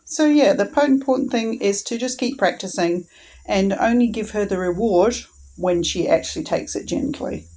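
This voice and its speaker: A woman in a casual instructional vlog, talking calmly and patiently and encouraging her dog as she trains it. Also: mid-range voice, normal speed, low-quality recording.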